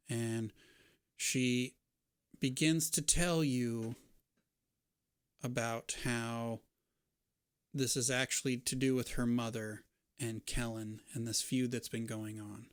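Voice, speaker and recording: Game master guy narrating a scene, smooth resonant voice, dry close sound, laid back. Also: medium pitch, takes it slowly, pauses often, no echo. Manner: relaxed, descriptive, with casual fillers.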